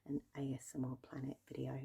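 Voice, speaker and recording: A woman ASMR creator whispering a slow, deliberate message, repeating words as triggers. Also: rumbling low, completely flat delivery, vocal fry, dark tone, breathy edge.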